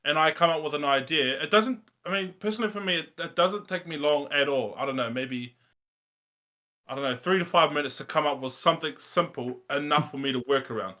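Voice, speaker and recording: A man's voice: fairly high pitch, fairly quick, bright, forceful tone. A man, a music producer, talking casually and modestly about his process, hesitating with lots of fillers. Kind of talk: casual chat.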